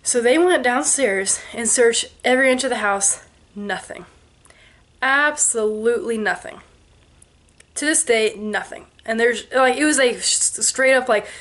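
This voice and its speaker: A young woman in her twenties tells a spooky story straight to her viewers. Her voice sits a little on the high side. She tells it with animation, mimicking creaks and knocks and slipping into the voices of the people in it. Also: normal speed, few pauses. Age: 20s. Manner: animated, with sound effects and quoted voices. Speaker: vlogger. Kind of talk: telling a ghost story to camera.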